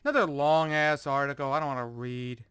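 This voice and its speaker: A man's voice: medium pitch, steady tone, fairly quick, fairly bright tone, clear, resonant tone, no echo. A man ranting sarcastically in a commentary video, exasperated and profane, sighing often and repeating himself in frustration. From United States. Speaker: commentator reacting to news articles.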